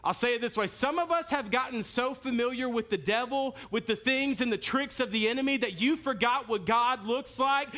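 A male pastor preaches a sermon with a very high, bright voice. He is animated, telling stories and speaking straight to his congregation. The delivery feels lively and personal. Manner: animated, storytelling, direct to the congregation.

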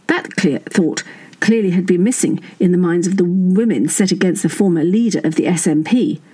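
A woman's voice: fairly low pitch, normal speed, dark tone, breathy edge, low-quality recording. A woman narrating a satirical serial story in a wry, dry manner, voicing the dialogue herself.

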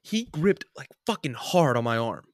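A young man co-hosting a casual chat, telling a story in an animated way, swearing freely and laughing often. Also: medium pitch, normal speed, dry recording, studio quality.

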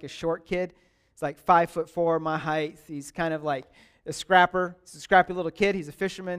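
Male pastor, conversational sermon, higher smooth voice, chatty. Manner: chatty, with frequent restarts and "like", asks congregants questions by name.

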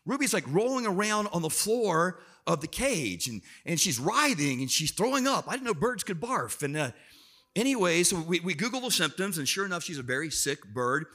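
Middle-aged man preacher, high-ish bright voice, lively anecdotal sermon delivery. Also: moderate pace. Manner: animated storyteller, acts out family members in raised voice. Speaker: pastor. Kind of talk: sermon with personal stories.

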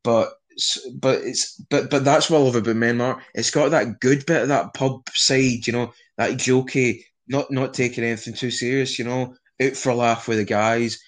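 A man's voice: mid-range voice, steady tone, moderate pace, hardly any pauses. A young Scottish man chatting casually in an interview, rambling with frequent restarts and swearing. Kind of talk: casual conversation.

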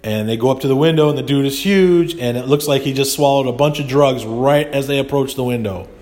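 A man's voice: medium pitch, a little fast, a little mellow. A man hosting a podcast, talking in a rambling, indignant monologue full of restarts. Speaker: podcast host. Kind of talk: casual monologue.

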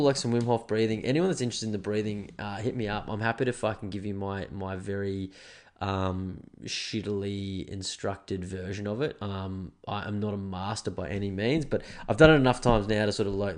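Australian podcast host, young man, lowish voice, casual and sweary, a bit stuffy from hay fever. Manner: laid-back, swears often, rambling. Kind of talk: casual solo podcast chat.

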